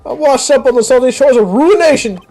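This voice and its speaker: A let's-play gamer voicing an excitable old male noodle vendor who talks in a folksy, melodramatic way. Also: sits high, a little fast, voice pushed up. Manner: folksy, says "sonny boy", melodramatic wailing.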